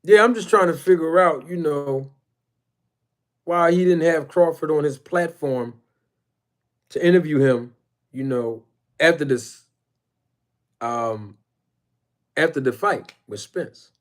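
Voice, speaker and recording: Guy hosting a live boxing chat stream, kinda high voice, rambling and giving shout-outs. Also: slow pace, pauses often. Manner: conversational, shouts out chat viewers, rambling and emphatic. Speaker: boxing YouTube channel host.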